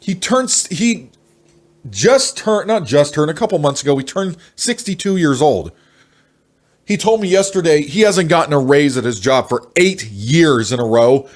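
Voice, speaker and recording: A man's voice: fairly high pitch, expressive, normal speed. A man in his twenties venting angrily about work, swearing and stressed. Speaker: vlogger. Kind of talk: ranting personal monologue.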